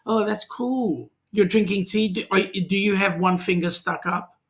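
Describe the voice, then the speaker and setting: A man's voice: high-pitched, fairly even intonation, unhurried, a bit bright. An Australian man hosting a casual livestream chat, joking around and reading out viewer comments. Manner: jokey, reads out viewer comments. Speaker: host.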